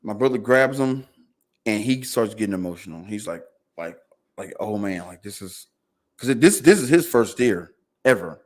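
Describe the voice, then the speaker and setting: A man with a lowish voice and moderate pace appears as a guest on a podcast. He tells a drawn-out story in relaxed, casual talk, animatedly impersonating what his family said.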